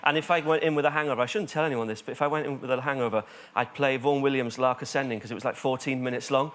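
A Welsh man from Wales, a guest singer chatting on a talk show with quick, good-humoured, self-deprecating replies. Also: mid-range voice, fairly even intonation, fairly bright tone.

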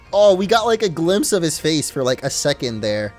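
A man's voice: on the high side, very animated, normal speed, darkish tone, soft background music. A man giving chatty, joking, self-deprecating commentary while playing a video game. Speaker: let's play host. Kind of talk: casual gameplay commentary.

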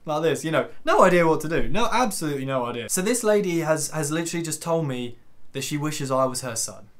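A man's voice: fairly high pitch, expressive, fast. A young man in his twenties telling a self-deprecating story for his vlog, rambling with fillers and asides. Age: 20s. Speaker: YouTuber.

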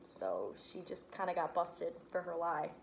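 A woman's voice: fairly low pitch, very animated, unhurried, slight background noise, low-quality recording. A young woman hosting a children's book read-aloud at home, chatty with lots of ums. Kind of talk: casual chat and children's book reading. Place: hot apartment at home.

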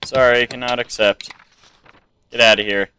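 A man's voice: mid-range voice, fairly even intonation, normal speed, pushed and bright, a little hiss or hum. An American man casually commenting to himself while playing a video game. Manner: musing, talking to himself. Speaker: gamer. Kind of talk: let's play commentary.

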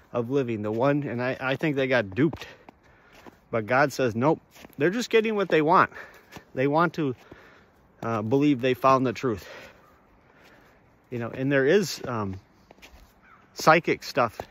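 A man vlogging on a walk outdoors, rambling in a halting way, often restarting and calling his viewers folks. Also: medium pitch, fairly bright tone. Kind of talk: rambling walk-and-talk monologue. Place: outdoors on a walk among trees.

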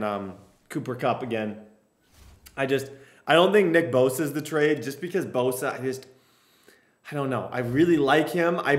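A young man playing a football video game, reacting loudly and cheering or yelling at each play as a gaming commentator. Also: mid-range voice, roomy sound. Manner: excitable, yells and cheers at plays. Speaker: gaming YouTuber.

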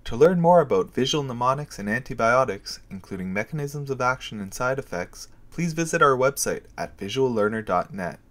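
Male narrator for a scripted med-school lesson: measured and clear, mid-range voice, lingers on key terms. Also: mid-range voice, lively intonation, a bit bright. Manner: clear, measured, spells out mnemonics slowly. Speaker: pharmacology teacher.

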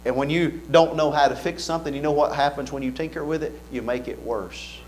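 Earnest preacher man, higher voice. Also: a little fast, a little mellow, a little hiss or hum. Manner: earnest, preaching with rising fervor and repeated phrases. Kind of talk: sermon. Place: church.

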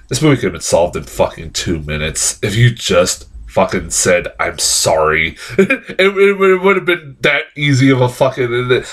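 A man giving a casual, rambling spoken film review, swearing freely and leaning on "like" as filler. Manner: rambling, profane, heavy use of "like"; excitable, swings into high-pitched outbursts. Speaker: movie reviewer.

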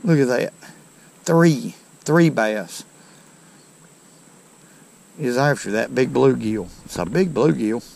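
Here a man narrates a fishing video by a creek, chatting casually with viewers and exclaiming folksily at every catch. His mid-range voice is expressive, slow and creaky, a little mellow, with frequent pauses and a faint hiss or hum behind it.

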